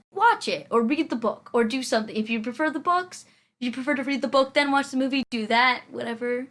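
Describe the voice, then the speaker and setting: A woman's voice: on the high side, a bit bright. Chatty, rambling eighteen-year-old girl. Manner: chatty and rambling, laughs often, many "like"s. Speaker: vlogger reacting to a movie. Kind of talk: casual chat.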